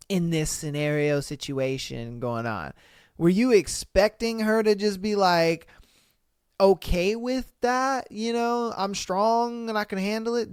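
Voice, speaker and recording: Lively, unhurried man cursing in disbelief. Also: high voice, clean tone, dry recording, studio quality. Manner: profane, incredulous, bursts into loud laughter. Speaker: podcast host. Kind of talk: casual podcast commentary reading listener posts.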